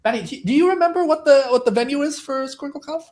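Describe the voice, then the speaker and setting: A man's voice: extremely high pitch, fast talker, darkish tone. A man talking as a guest on a live stream from a small office recording studio, friendly and upbeat. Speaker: guest speaker. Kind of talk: casual remote chat.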